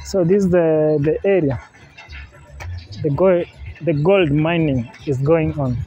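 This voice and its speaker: A man casually narrating a travel vlog outdoors by a river. He talks in a relaxed way, repeats himself, and often says "yeah, man.". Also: a little high, takes it slowly, lo-fi sound. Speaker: vlogger. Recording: faint outdoor noise.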